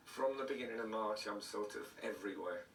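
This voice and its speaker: A man's voice: lowish voice, fairly quick, slight background noise. A man, a comedian telling dry, self-mocking stories in a casual interview, his voice throaty. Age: 60s. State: throaty, hoarse. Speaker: comedian guest. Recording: roomy studio heard from a distance.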